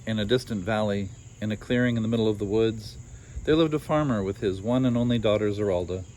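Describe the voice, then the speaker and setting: A man's voice: lowish voice, quick pace, darkish tone, slight background noise. A man reading a children's story aloud, adding wry asides of his own.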